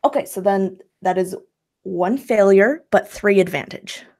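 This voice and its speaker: A woman playing a tabletop game in a casual, hesitant way, pausing as she thinks. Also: mid-range voice, warm tone. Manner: halting, hesitant with fillers. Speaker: player.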